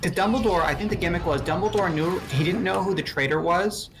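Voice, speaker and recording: A man's voice: sits high, fairly quick, music in the background. A man in casual chat who rambles, corrects himself mid-sentence and laughs often.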